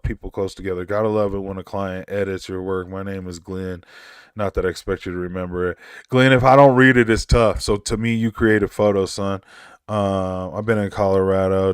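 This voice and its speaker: A man's voice: sits low, fairly even intonation, normal speed, smooth, no room sound, clean studio sound. A man chatting casually on a livestream, answering his chat in a rambling way, laughing and cracking self-mocking dad jokes. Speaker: streamer reading live chat.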